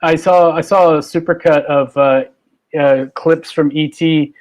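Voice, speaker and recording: A man's voice: on the high side, steady tone, measured pace, darkish tone. A man hosting a casual online talk show from home, rambling with many fillers and restarts. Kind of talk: casual chat on a live video call.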